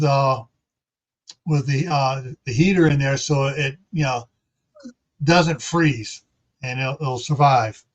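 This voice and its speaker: Rambling folksy man on a dull stream. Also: on the high side. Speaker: livestream host. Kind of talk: casual livestream chat.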